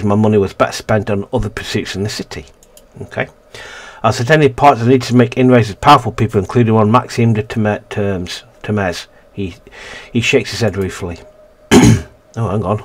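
A man casually reading a narrative game's text aloud and commenting, often stumbling and correcting himself. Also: fairly low pitch. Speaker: let's-play gamer.

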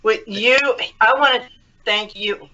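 A woman's voice: on the high side, slow, sharp tone, a little hiss or hum. A woman guest in a casual podcast chat, gushing and laughing often. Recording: dull lo-fi call audio.

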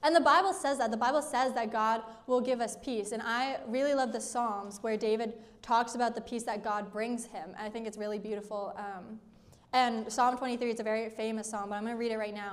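A young woman with a slightly high voice gives a casual youth sermon. She sounds chatty and self-deprecating, and she leans on "like" and "right?" as she explains things to students. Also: fairly even intonation, a little fast. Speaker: student ministry speaker. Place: church youth room.

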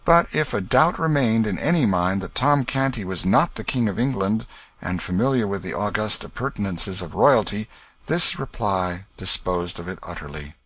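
A man reading a classic novel aloud as an audiobook narrator, in a steady storytelling manner. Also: on the low side, moderate pace, husky, dry recording.

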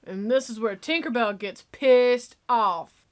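A woman giving excitable, gushing casual commentary while reacting to a movie. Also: fairly high pitch, takes it slowly.

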